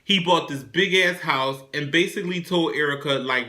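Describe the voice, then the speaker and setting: A young man hosting his own show, casually recapping a TV drama episode in a chatty, animated, profane way. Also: on the high side, normal speed. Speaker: show host reviewing a TV drama.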